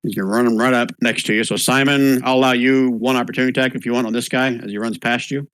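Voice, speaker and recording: A man running a tabletop game online as dungeon master, relaxed and thinking aloud as he rules. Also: mid-range voice, quick pace, clear, resonant tone, no echo.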